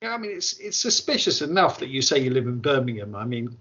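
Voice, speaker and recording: A man's voice: mid-range voice, big pitch swings, quick pace, bright, forceful tone, slightly rough, muffled recording. A man hosting a podcast, steering the chat with dry, teasing questions. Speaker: podcast host. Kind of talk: casual chat.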